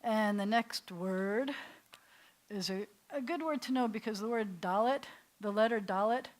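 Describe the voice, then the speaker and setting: A woman's voice: mid-range voice, measured pace. An older woman rabbi with a New York accent, teaching a Hebrew class in a chatty, digressive way, laughing easily. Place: synagogue classroom.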